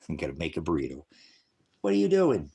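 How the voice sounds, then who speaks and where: A man in his sixties rambling through a live-stream monologue, cursing freely and swinging between low mutters and loud rants. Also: wildly swooping pitch, normal speed, gravelly, husky. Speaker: livestreamer.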